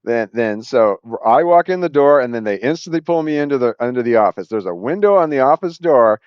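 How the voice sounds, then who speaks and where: A man telling a personal story at a quick clip, with many restarts and acted-out quotes. His voice sits in a middle register. The recording is dry and a little dull, like a lo-fi room mic. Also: mid-range voice, clear, resonant tone, dry recording. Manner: rambling, animated retelling with acted quotes and frequent restarts. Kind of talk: casual spoken anecdote.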